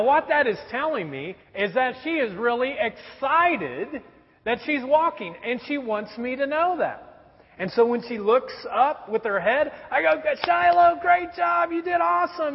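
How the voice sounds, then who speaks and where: A man in his thirties preaching a sermon, telling stories about his young children in a lively storytelling way. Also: high voice, husky. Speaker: pastor. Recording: dull recording in a reverberant hall.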